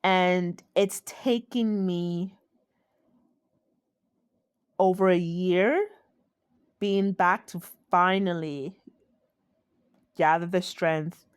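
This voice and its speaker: Slow, heartfelt Ghanaian woman podcaster. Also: on the low side, fairly even intonation, clear, resonant tone, dry recording, studio quality. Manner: slow, heartfelt, with sighs and laughs. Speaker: podcast host. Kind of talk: reflective solo podcast talk.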